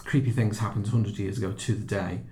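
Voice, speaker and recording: A man's voice: on the low side, steady tone, fast talker, mellow, echoey room. A man hosting a horror podcast, chatty and laughing easily as he introduces the episode. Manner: chatty, laughing, self-deprecating. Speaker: podcast host. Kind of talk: casual podcast chat.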